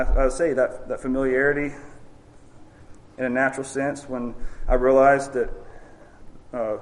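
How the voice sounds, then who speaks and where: A man preaching a sermon in a conversational, earnest way, often acting out honest prayers to God. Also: mid-range voice.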